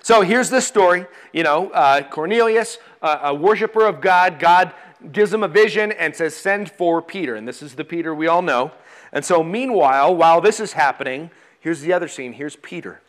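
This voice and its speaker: Male pastor, high voice, casual sermon delivery with restarts. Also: normal speed, a bit bright. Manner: conversational preaching with fillers and restarts; reads scripture aloud.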